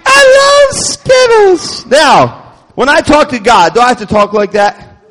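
A man giving a playful, call-and-response children's sermon at a church youth night, teasing and animated. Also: high-pitched, moderate pace, a faint crowd. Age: adult. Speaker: children's minister. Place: church youth event hall. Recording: echoey hall reverb.

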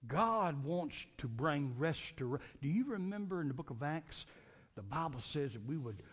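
A man's voice: fairly high pitch, very animated, moderate pace, slightly rough. A man preaching a fervent Sunday night sermon, repeating and restarting phrases as he builds his points.

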